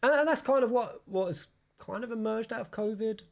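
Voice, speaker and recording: A young man hosts a casual live stream, voice sitting a touch high for a man. He rants with energy and swears freely as he talks. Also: a little fast. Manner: animated, swearing freely, ranting. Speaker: stream host.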